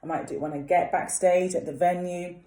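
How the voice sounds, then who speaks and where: A woman singing teacher leading a vocal warm-up, chatting casually and demonstrating lip trills and vowel exercises. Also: fairly low pitch, fairly even intonation, a little fast, roomy sound.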